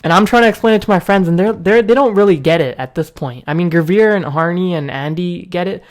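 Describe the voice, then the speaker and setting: A young man hosting a gaming video, telling a rambling story with bursts of excitement. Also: high voice, fast. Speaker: gaming channel host.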